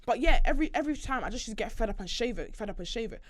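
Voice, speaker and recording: A woman chatting casually as a podcast host, animated and swearing freely. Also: fairly high pitch, racing, no echo, studio quality. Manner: animated, swears freely, bursts into loud outbursts. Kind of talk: casual chat.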